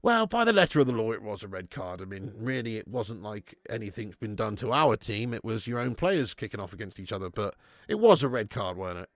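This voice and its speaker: A man's voice: fairly low pitch, brisk, no room sound. A man hosting a live football watch-along, swearing often and reading out viewer messages. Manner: sweary, animated, reads viewer messages aloud. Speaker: fan channel host.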